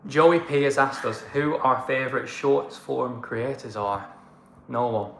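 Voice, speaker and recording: Co-hosting a travel channel's casual livestream, this northern English man speaks bluntly in his regional accent, ranting and relishing a moan. His voice is medium-pitched, creaky, fairly bright, and a little slow, in a roomy recording with slight background noise.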